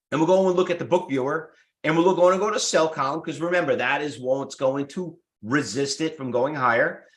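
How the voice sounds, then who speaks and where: A brash man runs a trading workshop, blunt and salesy, peppering the class with rhetorical questions. His voice sits a little high, and the room around him rings with echo. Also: a bit bright. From United States. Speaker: trading instructor. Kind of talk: live workshop teaching. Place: room with live students.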